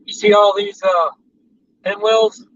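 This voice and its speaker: Driving down a highway, a man vlogs in a rambling, chatty way, drifting between casual conversation and stories. He speaks slowly in a high, steady, fairly bright voice, and the recording is distant and dull, with road noise underneath.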